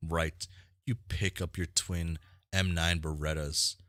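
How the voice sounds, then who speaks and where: A man's voice: low voice, fairly even intonation, slow, fairly bright tone, dry recording, studio quality. A man casually reading a webcomic aloud with rambling, self-mocking asides, stumbling over names. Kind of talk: casual read-along with commentary.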